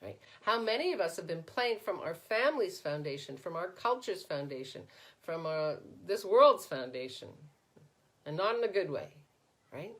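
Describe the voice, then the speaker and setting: A woman's voice: on the low side, very animated, normal speed, a bit bright. A woman coach hosting a live question-and-answer session, reading viewers' comments aloud and answering them in a conversational way, often tagging "right?" onto her points. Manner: conversational, frequently adds "right?". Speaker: coach and podcast host.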